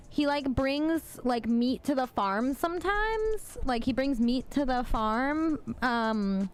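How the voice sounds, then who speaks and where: A woman's voice: on the high side, a little hiss or hum. A woman streamer chatting casually while gaming, rambling with lots of "like" and swearing freely. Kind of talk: casual gaming livestream chat.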